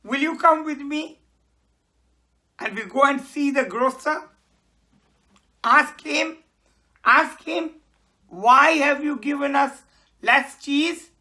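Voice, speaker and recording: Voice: mid-range voice, very animated, normal speed, hardly any pauses, sharp tone. A teacher voicing a worried perfectionist male baker who repeats himself in a raised voice. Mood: upset.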